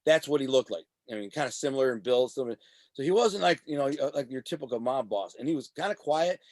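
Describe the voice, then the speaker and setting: Brief: ex-mob associate, man, animated storyteller who does the voices of people in his stories, tight dry mic. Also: medium pitch, fast talker, dry recording. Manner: animated, profane street talk. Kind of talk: casual storytelling interview.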